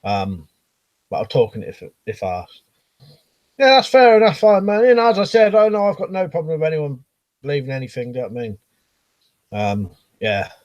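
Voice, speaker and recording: A man's voice: on the high side, big pitch swings, moderate pace, long pauses, no room sound, highs cut off. Casual swearing man, dry mic. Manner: rambling, swears casually, frequent ums and restarts. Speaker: live streamer. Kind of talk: casual live-stream chat, reading viewer comments aloud.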